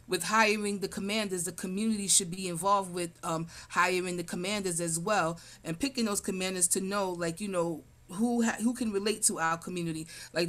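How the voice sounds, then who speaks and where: A woman's voice: mid-range voice, a bit bright. A woman running for city council, answering interview questions over a video call in a rambling way, full of fillers and restarts.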